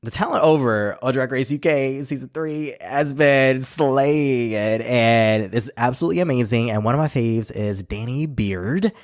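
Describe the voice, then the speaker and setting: A playful man riffs through his solo podcast with loose slang and frequent laughter, his pitch sitting right in the middle for a man. The recording is close and dry, with no room sound around him. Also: unhurried, few pauses, no echo. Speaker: podcast host. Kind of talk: casual solo podcast chat.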